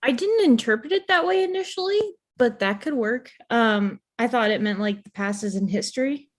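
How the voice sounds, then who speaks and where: Woman, tabletop player, playful, joking, somewhat high voice. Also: normal speed. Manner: playful, laughing, self-deprecating asides. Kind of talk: casual tabletop game chat.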